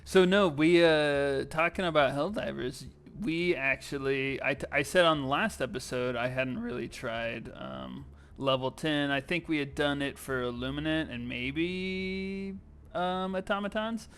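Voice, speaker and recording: A man's voice: fairly high pitch, a little slow, smooth. Laughing man hosting a casual podcast. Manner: relaxed, laughs often, restarts sentences. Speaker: podcast host.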